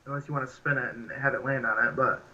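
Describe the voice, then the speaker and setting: A man's voice: medium pitch, steady tone, quick pace, bright, forceful tone, dull audio. A young man co-hosting a podcast in casual chat, rambling and laughing with lots of filler words. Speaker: podcast co-host.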